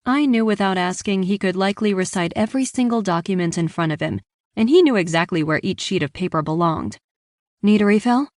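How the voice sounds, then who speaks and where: A woman's voice: lowish voice, brisk, no room sound, clean studio sound. A woman reading a first-person romance audiobook, telling the story evenly and giving the dialogue some lift. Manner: even, engaged storytelling with lively dialogue. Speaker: audiobook narrator.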